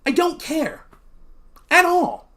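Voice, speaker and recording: A man hosting a livestream, talking casually in a blunt, profane rant and pausing to thank chat viewers. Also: very high-pitched, very animated, bright, forceful tone. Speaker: livestream host.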